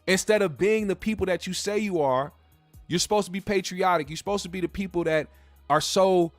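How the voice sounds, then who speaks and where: A male podcast host rants in a blunt, heated way, swearing freely as he argues his point. His voice sits high, and the sound is dry and close with faint music underneath. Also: fairly quick, no echo. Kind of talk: casual opinion rant.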